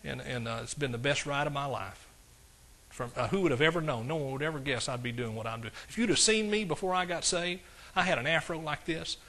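Forceful preacher, high bright voice. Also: male voice, brisk. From East Texas. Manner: folksy storytelling that builds to fervent exclamations. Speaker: pastor. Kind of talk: sermon testimony. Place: church service.

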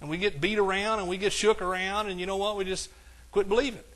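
A man preaching a sermon as pastor, with emphatic lines that swing from soft to hollering. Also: high-pitched, steady tone, quick pace.

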